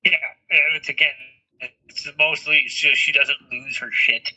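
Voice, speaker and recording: A man's voice: fairly high pitch, fairly even intonation, a little slow, bright, forceful tone, breathy edge. A man co-hosting a casual podcast, a father who rambles through stories with lots of filler words. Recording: muffled lo-fi sound.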